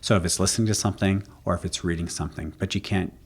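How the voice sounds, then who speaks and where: Relaxed, low-voiced male pediatrician. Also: racing, slight background noise. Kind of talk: casual advice chat.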